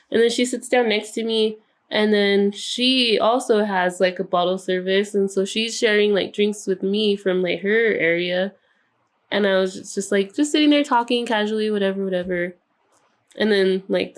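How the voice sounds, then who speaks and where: A young woman tells a night-out story on a casual podcast. She swears freely and jumps into quoted voices as she goes. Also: mid-range voice. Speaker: podcast co-host.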